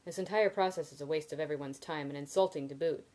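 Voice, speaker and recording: A woman's voice: low-pitched, fast, dark tone, close to an everyday voice. A woman reading the lines of a brash, outspoken young male student in an audiobook-style reading. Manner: indignant, outspoken.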